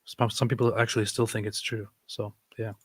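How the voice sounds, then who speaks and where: A man's voice: lowish voice, flat delivery, brisk, a bit bright, slightly rough, no room sound. Dry-voiced man hosting a live chat. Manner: stammering, jokey, reads comments aloud with dry asides. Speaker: live-stream host reading out viewer chat. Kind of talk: casual chat. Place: live stream, sharing his screen.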